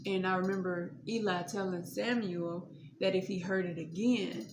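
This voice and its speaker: A woman guest casually telling her own faith testimony, chatty and quick to laugh. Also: on the low side, steady tone. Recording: echoey room, audible noise.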